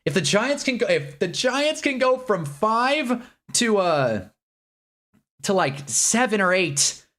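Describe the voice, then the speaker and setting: Excitable guy live streaming, high voice jumping all over, rambles and laughs a lot. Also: slow. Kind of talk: live draft reaction stream.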